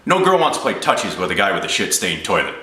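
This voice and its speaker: A man's voice: deep voice, very animated, quick pace, pushed and bright, heavily acted. A man voicing a blunt, abrupt father who gives no-nonsense advice. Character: blunt no-nonsense older dad. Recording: roomy echo.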